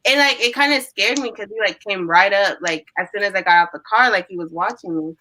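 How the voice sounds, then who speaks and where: A young woman chatting casually, telling animated stories and acting out what people said. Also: medium pitch, fairly quick, low-quality recording. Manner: animated storyteller, acts out quotes. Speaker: guest. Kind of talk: casual storytelling chat.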